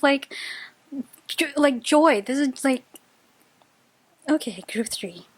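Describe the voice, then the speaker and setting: A high-pitched woman reading tarot in a casual, chatty way, full of filler words and quick restarts. Her voice sits close and dry, with no room sound around it. She gushes readily and often breaks into delighted laughter. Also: lively intonation, dry recording. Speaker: tarot reader.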